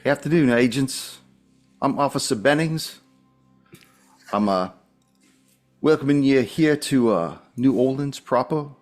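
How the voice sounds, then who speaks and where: A man's voice: mid-range voice, expressive, measured pace, pauses often, soft background music, voice pushed up, lightly acted. A man voicing a polite, uneasy male police officer with a Southern drawl, hesitant and folksy.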